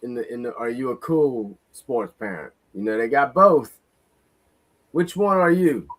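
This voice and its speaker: A man's voice: mid-range voice, expressive, measured pace, fairly bright tone. A man co-hosting a live sports watch party stream, loose and joking as he chats with viewers. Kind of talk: casual live-stream chat.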